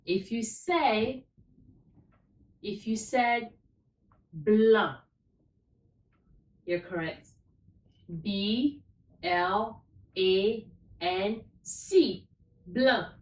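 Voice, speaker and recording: A woman's voice: medium pitch, expressive, drawn-out words, long pauses, echoey room, far from the mic, slight background noise, rough recording. A woman teaching a language lesson, upbeat, spelling out words letter by letter. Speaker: French teacher.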